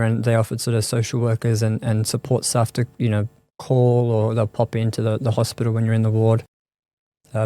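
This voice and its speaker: Male guest, mid pitch, monotone delivery, halting and reflective, dry close sound. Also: no room sound. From Australia. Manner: thoughtful, halting, many restarts and fillers. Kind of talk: reflective conversational interview.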